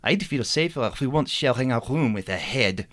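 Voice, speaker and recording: Guy doing a nervous french widow on a storm-tossed ship, fake french accent, lively bright voice. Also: mid-range voice, brisk, voice pushed up, close to an everyday voice. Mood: uneasy. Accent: put-on French. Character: French widow stowaway, woman.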